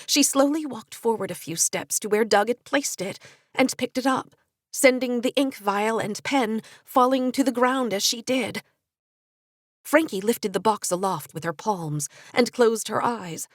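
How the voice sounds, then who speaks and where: A woman narrating an audiobook in an expressive, lively reading. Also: a little high, measured pace, no room sound, studio quality. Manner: expressive, lively character voicing. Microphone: studio USB microphone.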